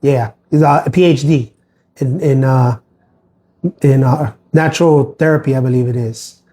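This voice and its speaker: This middle-aged postal worker livestreams in a mid-range, dark voice at normal speed. Casual yet aggrieved, he rambles on, frequently using fillers and starting over.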